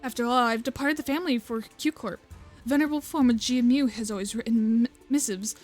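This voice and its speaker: A woman's voice: a little high, a little fast, darkish tone, faint music behind, close to an everyday voice. Woman doing a smug, haughty noblewoman. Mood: grandiose. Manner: grandiose, formal and stumbling over long words. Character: haughty scheming noblewoman, smug and self-important.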